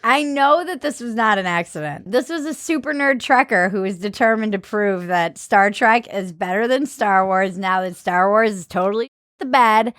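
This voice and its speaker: A woman's voice: mid-range voice, moderate pace, hardly any pauses, fairly bright tone, no echo, studio quality. A woman in her thirties hosting a comedic chat, sarcastic and laughing often. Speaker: host.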